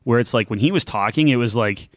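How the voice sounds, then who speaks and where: This young podcast co-host has a mid-range voice and a quick pace, heard in studio-quality sound without echo. He chats casually and rambles, often restarting and using lots of fillers.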